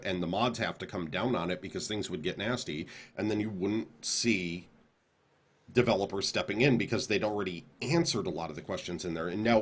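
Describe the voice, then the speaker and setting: A man's voice: on the low side, a little hiss or hum. A man co-hosting a podcast, talking casually and rambling, repeating words as he builds his points. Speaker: podcast co-host.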